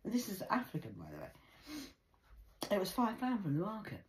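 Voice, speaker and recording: A woman's voice: wildly swooping pitch, normal speed, a little hiss or hum. A woman giving a rambling, scolding spiritual card reading, with theatrical swings of voice. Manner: scolding, theatrical, sudden pitch jumps.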